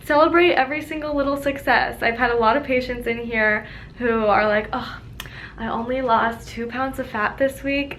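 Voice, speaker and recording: A woman's voice: fairly high pitch, fairly bright tone, slight background noise. A young adult woman dietitian talking casually and enthusiastically in a vlog from a clinic office. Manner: enthusiastic, upbeat and encouraging.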